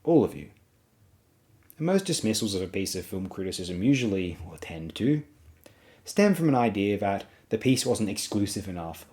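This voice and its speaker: A man's voice: low-pitched, a little mellow. A young man narrating a spoken film essay, emphatic and repeating words for stress.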